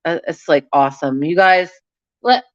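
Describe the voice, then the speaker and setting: A woman's voice: deep voice, expressive, normal speed. A young woman hosting a casual live chat with her viewers, talking frankly and scatteredly and laughing often. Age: young adult. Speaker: YouTube channel host. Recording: dull lo-fi sound.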